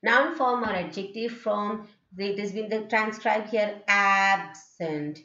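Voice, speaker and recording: A woman's voice: mid-range voice, fairly even intonation, measured pace, fairly bright tone. A woman with an Indian English accent gives a recorded lecture as a university tutor, talking things through with frequent fillers and repeated "okay"s. The sound is dull and lo-fi, with a roomy echo around her voice. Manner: explanatory, repetitive, many "okay"s and fillers. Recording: echoey, dull lo-fi room recording.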